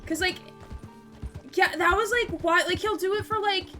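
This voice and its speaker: A woman's voice: extremely high pitch, normal speed, sharp tone, faint music behind. A young woman streaming a game live, chatting casually with lots of filler words and breaking into giggles and squeals. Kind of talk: casual live-stream chat while gaming.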